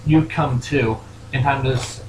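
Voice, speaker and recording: A man's voice: medium pitch, fairly even intonation, unhurried. A man narrating a pony role-play as game master, rambling with fillers. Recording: echoey room with faint noise.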